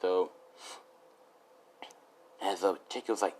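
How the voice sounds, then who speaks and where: A man's voice: mid-range voice, lively intonation, unhurried, long pauses, a little hiss or hum, rough recording. A man telling a fan story off the cuff, rambling with lots of fillers and offhand swearing. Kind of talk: casual spoken fan story.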